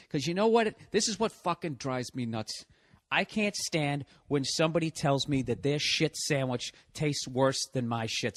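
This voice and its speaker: A man hosting a podcast, delivering a profane, exasperated comedic rant. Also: fairly high pitch. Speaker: podcast host. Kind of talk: ranting comedic monologue.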